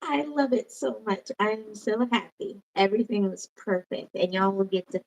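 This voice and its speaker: A woman co-hosting a casual talk show, excitable and quick to laugh. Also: mid-range voice, vocal fry, rough recording. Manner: giggly, excitable. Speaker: podcast co-host. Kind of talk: casual chat.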